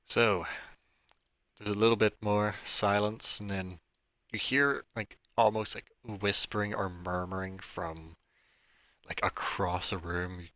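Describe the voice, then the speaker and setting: Low, slow-talking man running a tabletop game. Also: steady tone, bright, forceful tone, dry recording. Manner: casual, with many fillers like "like" and "kinda". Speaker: dungeon master.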